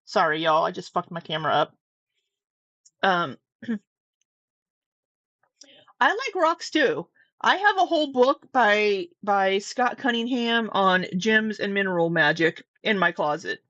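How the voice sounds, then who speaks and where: A woman's voice: medium pitch, sing-song, measured pace, pauses often, a bit bright, no room sound. Midwestern woman rambling at her desk, chatty, restarts a lot, swears, dry dull mic. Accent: Midwestern American. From Southwest Missouri, USA. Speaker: commentary vlogger. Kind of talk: casual reaction commentary. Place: home room at her desk. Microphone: camera mic close up.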